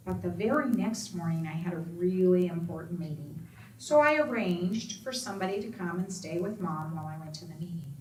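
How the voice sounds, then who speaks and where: Speaking a little fast in a fairly low voice, a middle-aged Alzheimer's advocate shares a personal story with an audience and acts out its characters. She quotes others expressively in raised voices. Her recording comes from far off in an echoey room, carrying faint ambience and slight background noise.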